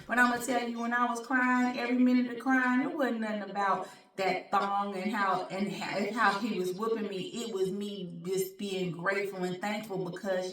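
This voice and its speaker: Bright-voiced woman telling a story, roomy sound. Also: medium pitch. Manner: animated, talks straight to the audience, colloquial. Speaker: show host. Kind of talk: personal storytelling to camera. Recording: roomy sound, distant from mic.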